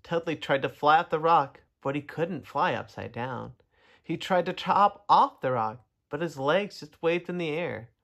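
A man reading a children's story aloud, gentle and expressive, talking to young listeners. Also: on the high side, a little slow, gravelly. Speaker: storybook reader.

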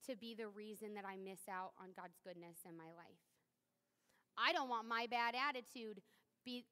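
A woman's voice: a little high, sharp tone, clean tone. A woman in her thirties preaching a sermon in a chatty, joking way with playful asides. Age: 30s. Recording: long church-hall reverb.

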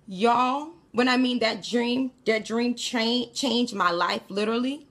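Taking her time, a woman with a fairly high, bright-toned voice tells y'all about a dream that frightened her. Her manner is chatty and direct, the feel of a casual spoken testimony.

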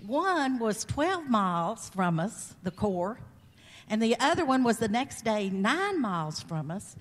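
A woman's voice: fairly high pitch, sing-song, a little slow. Southern woman speaking in a church hall. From Kentucky. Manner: chatty, earnest and emotional. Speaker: missionary. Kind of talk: testimony at a church service. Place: church sanctuary.

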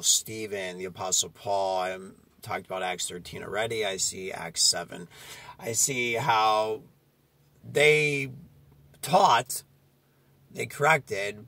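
A man's voice: on the low side, pushed and bright. A man preaching a fiery sermon, confronting his listeners and often asking "okay?" between his points. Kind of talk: street-style sermon.

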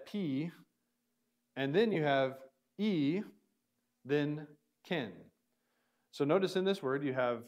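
A man's voice: medium pitch, a little mellow. Guy teaching a class, breaks words into syllables, keeps asking the students questions. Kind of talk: classroom language lesson.

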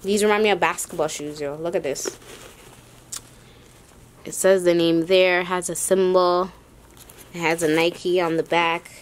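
A woman's voice: fairly low pitch, fairly even intonation, measured pace, long pauses, slight background noise. A woman vlogging a sneaker haul, rambling and casual with lots of slang. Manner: chatty, rambling, slangy ("yo", "y'all").

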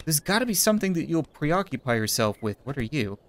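A man's voice: a little high, big pitch swings, fairly quick, faint music behind. A young man giving playful let's-play commentary, goofy and giggly, often talking to the game characters in mock-polite asides. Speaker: gameplay commentator.

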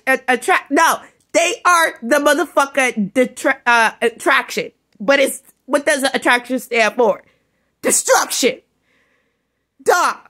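A woman vlogger in an angry, rambling rant, swearing constantly and often breaking into shouts. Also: sits high. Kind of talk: ranting vlog monologue.

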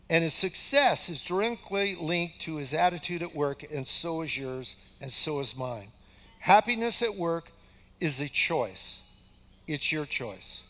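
A man's voice: high-pitched, moderate pace, a bit bright, long reverb tail. A man in his sixties, a pastor giving a folksy, emphatic, conversational sermon and repeating phrases for effect. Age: 60s. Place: church sanctuary.

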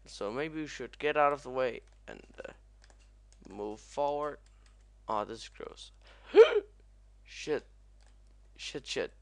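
A young man commentating as he plays a video game, excitable and swearing often. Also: mid-range voice, clean tone. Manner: excitable, swears a lot, yelps at crashes. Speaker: gaming commentator. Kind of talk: let's play commentary.

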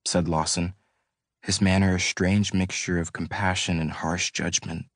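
Deep-voiced man reading an audiobook. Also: dry recording, clean studio sound. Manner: measured, steady reading. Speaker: audiobook narrator. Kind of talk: scripted audiobook narration.

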